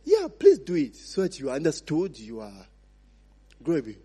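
Ugandan male preacher, slightly high and very expressive, draws answers from the congregation, reverberant church hall. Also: moderate pace, husky. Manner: prompts the congregation to finish his sentences; mixes in Luganda phrases. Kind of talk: sermon with call-and-response questions. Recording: long reverb of a large hall.

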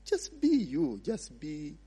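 A man's voice: on the high side, wildly swooping pitch, slow pace, dark tone, slight background noise. A man with a Ugandan accent preaching a sermon, asking the congregation to finish his sentences and mixing in Luganda phrases. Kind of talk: sermon with call-and-response questions. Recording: long reverb of a large hall.

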